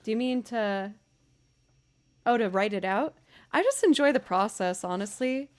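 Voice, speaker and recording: A woman musician chatting casually with viewers on a livestream, bubbly and quick to thank them. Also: on the high side, expressive. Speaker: musician streamer.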